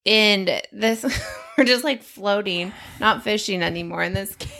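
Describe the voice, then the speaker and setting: A woman co-hosting a casual podcast, telling stories in a sarcastic, swearing, lively way. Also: mid-range voice, unhurried, vocal fry. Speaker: podcast co-host. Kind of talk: casual chat.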